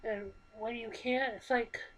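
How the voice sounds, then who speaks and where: Earnest young woman, slightly high voice. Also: fairly even intonation, a bit bright, low-quality recording. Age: 20s. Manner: halting, earnest, emotional. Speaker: vlogger. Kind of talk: confessional personal talk to camera. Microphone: computer microphone.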